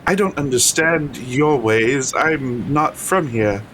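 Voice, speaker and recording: A man voicing Charity, a sly tiefling woman, in a deliberately bad put-on accent. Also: mid-range voice, a bit bright, slight background noise, voice pushed up. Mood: coy.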